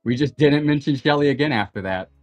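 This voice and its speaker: A man's voice: mid-range voice, quick pace. Rambling young man, faint music behind. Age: young adult. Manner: rambling, full of "like" and "you know". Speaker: guest on a gaming stream. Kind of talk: casual storytelling in a group voice chat. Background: faint background music.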